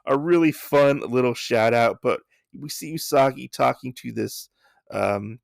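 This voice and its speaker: A man's voice: medium pitch, a little slow, gravelly, no echo, clean studio sound. A man hosting a podcast, recapping a comic in a rambling, casual way, swearing now and then. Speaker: podcast host.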